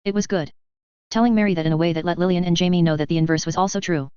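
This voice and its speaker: A woman reading a first-person audiobook narration at an even, measured pace. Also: on the low side, smooth, dry recording, dull audio.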